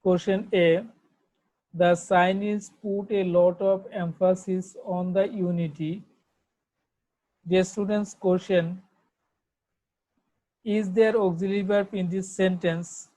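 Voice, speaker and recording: A woman's voice: mid-range voice, fairly even intonation, unhurried, warm tone, low-quality recording. A woman with a Bangladeshi accent, giving an online English grammar lesson, who repeats herself and spells words out letter by letter. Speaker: English teacher.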